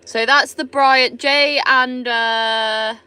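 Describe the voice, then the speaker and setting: A woman's voice: sits high, fairly even intonation, very slow, pushed and bright, smooth, dry recording. A woman from England with a Somerset accent, chatting casually and swearing freely on a live stream while she answers viewer comments. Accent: Somerset English. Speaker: livestreamer.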